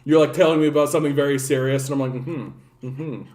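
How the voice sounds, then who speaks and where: A man with a slightly raised pitch chats his way through political commentary on a livestream. He rambles, swears casually and keeps restarting his sentences, with "like" scattered through everything. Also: level tone, very fast, a little mellow. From Canada. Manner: rambling, profane, many "like" fillers and restarts. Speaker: political streamer.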